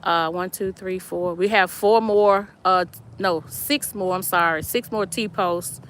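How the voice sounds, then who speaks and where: A middle-aged woman streams live from her yard as a vlog host, laughing between viewer comments she reads out in casual chat. She takes it slowly in a voice on the low side with a fairly bright tone, and there's a little hiss or hum.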